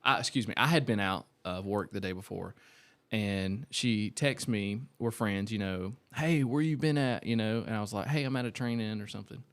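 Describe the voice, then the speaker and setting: A man's voice: on the low side, normal speed. A man co-hosting a podcast in casual chat, telling a self-deprecating story and acting out the other people's lines as he goes. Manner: animated, self-deprecating storyteller who acts out quoted dialogue. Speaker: podcast co-host.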